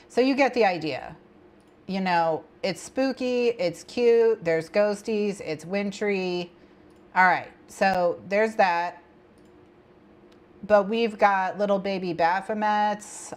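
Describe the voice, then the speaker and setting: A woman hosting a casual co-working livestream, talking in a rambling, chatty way with bursts of excitement. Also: medium pitch. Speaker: livestream host. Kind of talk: casual co-working stream chat.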